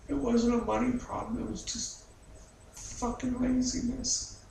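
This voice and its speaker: Slow gravelly man in echoey room. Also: extremely high pitch, level tone, darkish tone. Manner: blunt and profane, with bitter laughs. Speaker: therapy client. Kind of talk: recounting a painful memory in a session. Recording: echoey room, mic far off, faint noise.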